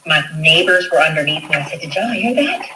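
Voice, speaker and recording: A woman's voice: sits low, animated, brisk, sharp tone, distant mic, slight background noise, rough recording. A woman, a nurse, recounting an event in an interview, telling it animatedly and acting out what others said. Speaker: nurse interviewed in a news clip.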